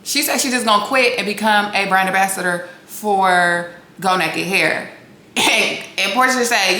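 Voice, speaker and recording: A woman's voice: medium pitch, moderate pace, bright, forceful tone. A woman hosting a reality TV recap, talking casually to her viewers in a blunt, sassy and profane way. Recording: echoey room with faint noise.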